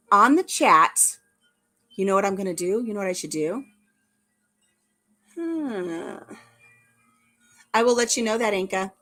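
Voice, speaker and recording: A woman's voice: medium pitch, fairly bright tone. Middle-aged woman, live-stream host, playful rambling chat, faint music underneath. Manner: chatty, playful, rambling with laughs. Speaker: livestream host. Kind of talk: casual chat.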